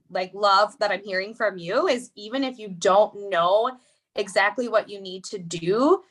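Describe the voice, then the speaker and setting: Bright, upbeat woman hosting a live stream. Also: mid-range voice. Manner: enthusiastic, encouraging, many likes. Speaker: host, coach. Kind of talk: casual live-stream chat.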